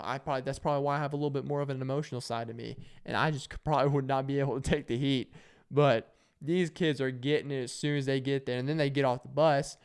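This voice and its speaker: A young male vlogger tells stories in a casual, rambling, jokey monologue, acting out quotes in shouted voices. His voice is mid-range with a clean tone.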